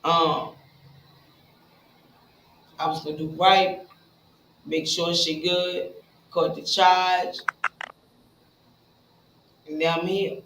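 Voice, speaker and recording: A woman's voice: lowish voice, extremely slow, long pauses, slight background noise. Blunt, profane woman in a roomy echo. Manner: blunt and profane, addresses listeners directly; animated, jumps between hushed asides and loud bursts. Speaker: speaker sharing a recovery story. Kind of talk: casual personal storytelling. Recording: roomy echo with faint ambience.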